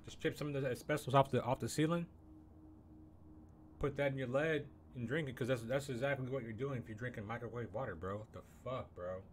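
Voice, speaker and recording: A young man rants on his game stream, swearing often and sounding openly incredulous. His voice sits at a middling pitch, with a faint background hiss. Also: fairly quick. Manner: incredulous, profane, heavy on "bro". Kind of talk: casual live-stream ranting.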